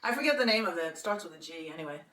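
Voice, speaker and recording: A woman's voice: lowish voice, expressive, racing, pushed and bright. A woman in her sixties telling a long personal story in a chatty, rambling way, often laughing. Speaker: podcast host. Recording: roomy, distant from the mic, faint noise.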